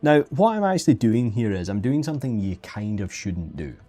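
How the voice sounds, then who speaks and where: Fairly low-pitched and mellow, his voice is very animated and his pace brisk. As a 3D sculpting instructor on a live stream, he jokes casually while teaching digital sculpting and keeps restarting sentences against faint background music.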